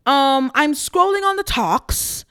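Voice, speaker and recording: A woman's voice: sits high, expressive, slow, a bit bright. A young adult woman hosting her own podcast, talking in a brash, profane, playful way and laughing often. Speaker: podcast host. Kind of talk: casual solo podcast monologue.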